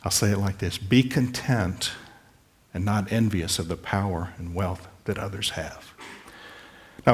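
A man preaching a sermon, earnestly pleading with listeners and restating scripture in plain words. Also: medium pitch. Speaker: pastor.

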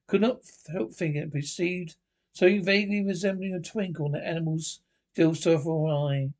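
A man's voice: a little high, brisk, darkish tone. A man narrating a children's classic, reading with frequent stumbles and self-corrections. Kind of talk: storybook reading.

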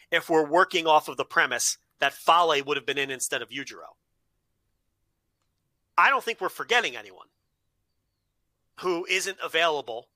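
A man's voice: on the high side, bright, forceful tone, no echo. A man co-hosting a casual podcast chat, laying out his case point by point. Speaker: podcast co-host.

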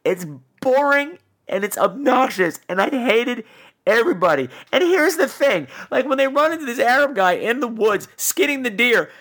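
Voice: mid-range voice, animated, moderate pace, a bit bright. A podcast host giving a casual movie review in a sarcastic, exasperated rant.

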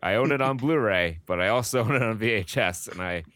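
A man's voice: lowish voice, brisk, fairly bright tone, no room sound. A man co-hosting a podcast, speaking in a dry, wry, matter-of-fact casual chat. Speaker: podcast co-host.

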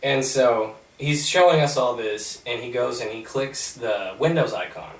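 A young man on a podcast, retelling a story in a rambling, animated way. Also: medium pitch, unhurried. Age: young adult. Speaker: podcast host. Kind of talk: casual storytelling. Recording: roomy, mic at a distance.

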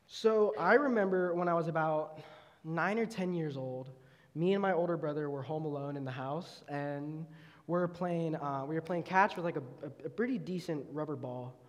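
A young man, an intern, preaching a youth sermon with an animated, laughing personal story. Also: on the high side, normal speed. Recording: long hall reverb.

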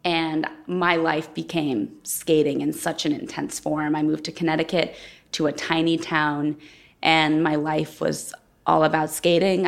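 Woman with a gravelly low voice. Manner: candid, thoughtful storytelling. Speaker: guest, former Olympic figure skater. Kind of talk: reflective interview conversation.

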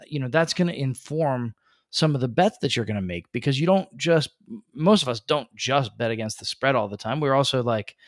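Man, podcast co-host, mid pitch, chatty explainer, dry close sound. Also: animated, brisk, no echo. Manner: chatty, explanatory, lots of fillers. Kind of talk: casual podcast chat.

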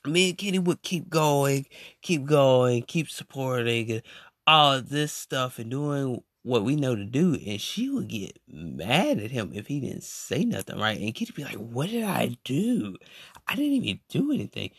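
Animated young man, bro-slang storyteller. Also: mid-range voice, unhurried, slightly rough, no room sound, studio quality. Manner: animated and slangy, every phrase ending on "bro". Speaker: podcaster. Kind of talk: casual storytelling monologue.

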